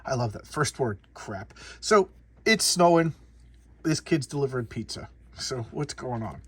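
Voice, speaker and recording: A man's voice: mid-range voice, animated, measured pace, a bit bright, husky, no room sound. A man doing a casual comic book showcase, rambling and often repeating and restarting words.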